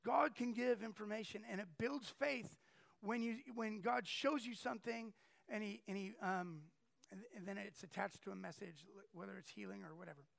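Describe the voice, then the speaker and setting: A man preaching a sermon through animated stories, acting out the people he quotes. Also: sits high, moderate pace, gravelly. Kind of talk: storytelling sermon.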